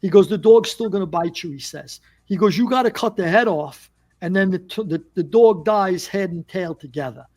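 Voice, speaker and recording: Animated New York man telling stories. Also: sits high, moderate pace. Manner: animated storyteller acting out quoted dialogue. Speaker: former mobster guest. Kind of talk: storytelling in casual interview.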